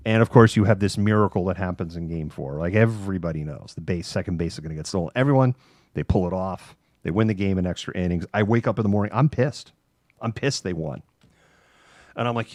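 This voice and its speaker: A middle-aged man hosting a casual talk show, telling a long anecdote in an animated way, laughing between phrases and using many fillers. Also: sits low, brisk, dry recording, studio quality. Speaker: host. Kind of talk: casual chat, anecdotal storytelling.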